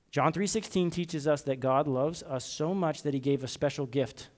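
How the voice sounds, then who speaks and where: A man's voice: fairly high pitch, normal speed, few pauses. A man giving a children's message in church, reading a story and leading the kids in call-and-response. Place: church sanctuary.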